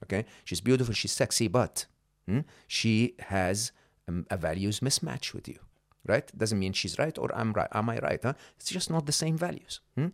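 A man talking as a podcast guest in an animated way, often checking in with "right?" and "hmm?" and restarting his sentences. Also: fairly low pitch, moderate pace, gravelly. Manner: frequent restarts and repeated words. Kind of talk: conversational interview.

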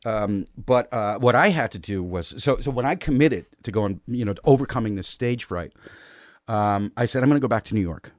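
A comedian guest in casual interview talk, rambling and candid, laughing at himself, recorded in a garage studio. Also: male voice, lowish voice, expressive, a little fast, dry recording.

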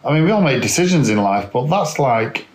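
A man's voice: medium pitch, sing-song, brisk. Curious man asking questions. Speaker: podcast co-host. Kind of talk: casual interview.

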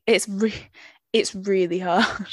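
A woman's voice: mid-range voice, fairly even intonation, takes it slowly, no echo. A young woman chatting casually as a podcast co-host, telling stories expressively with gasps and laughs. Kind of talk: casual chat.

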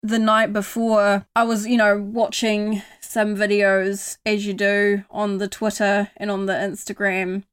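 This guest is a young New Zealand woman whose medium-pitched voice is monotone, unhurried and clean, with few pauses. She talks earnestly in casual conversation and softens her delivery for kind self-talk.

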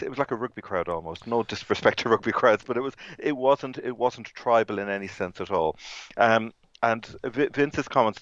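A man's voice: medium pitch, a bit bright, dry recording, highs cut off. A man from England co-hosting a casual football podcast, talking in a rambling way with many restarts. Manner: rambling, frequent restarts and fillers.

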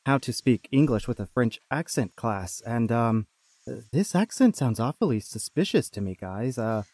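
A man's voice: mid-range voice, expressive, moderate pace, a little mellow, no room sound, natural voice. A man playing a wry, mock-serious co-host on a comedy podcast.

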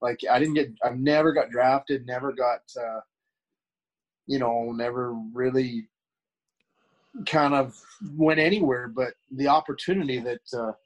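A middle-aged man talks with a mid-range pitch, sharing candid stories. He rambles, restarting sentences and leaning on fillers. Now and then he acts out the voices of people in his stories. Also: fairly even intonation, moderate pace, low-quality recording. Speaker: guest, former pro hockey player. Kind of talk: casual storytelling.

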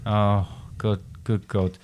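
A middle-aged father co-hosting a casual podcast with his son, measured and wryly teasing. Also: fairly low pitch, little pitch movement, a little mellow. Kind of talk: casual chat.

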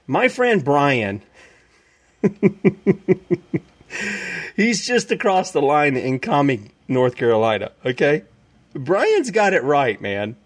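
A man's voice: a little high, very animated, unhurried. A male radio show host, rambling casually through announcements and laughing easily.

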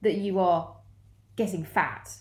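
A woman's voice: lowish voice, takes it slowly. Playful woman in a roomy echo. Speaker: podcast co-host. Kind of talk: casual chat.

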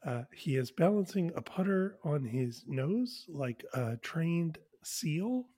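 Husky-voiced man chatting casually. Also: fairly high pitch, sing-song, slow. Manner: chatty, whispering later to keep quiet. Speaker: podcast co-host. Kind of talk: casual chat.

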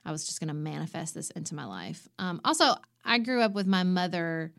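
A woman on a podcast, telling a personal story in a lively way and acting out what others said. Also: lowish voice, fairly quick, vocal fry. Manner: animated, acts out quoted voices. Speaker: podcast co-host.

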